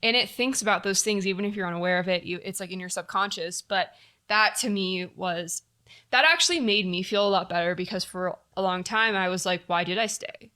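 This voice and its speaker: Young woman guest, bright tone, candid and casual, swears freely. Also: medium pitch, a little fast. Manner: candid, frequent fillers and swearing. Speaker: podcast guest. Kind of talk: casual personal storytelling.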